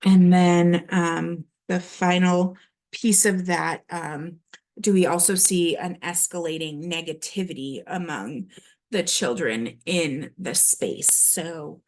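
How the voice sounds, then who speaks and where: Woman doing a training talk, kinda low voice, lots of ums and restarts. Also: steady tone, slow pace, darkish tone. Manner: hesitant, frequent ums and restarts. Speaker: early childhood classroom observation trainer. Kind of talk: recorded training presentation.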